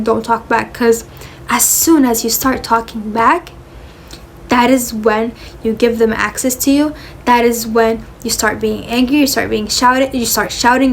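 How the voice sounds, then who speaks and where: A young woman with a fairly high voice talks straight to the listener, earnest and insistent, repeating her points for emphasis. She calls the listener honey. A faint hiss of noise sits under the recording. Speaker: motivational creator. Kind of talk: direct-to-camera advice talk.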